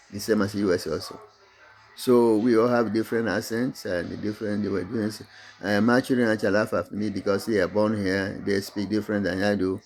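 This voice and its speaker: A middle-aged man from Togo whose first language is Mina, speaking English with an accent and giving a halting motivational talk about his own business, full of restarts and fillers. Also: on the low side, a little mellow. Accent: Togolese. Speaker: business owner.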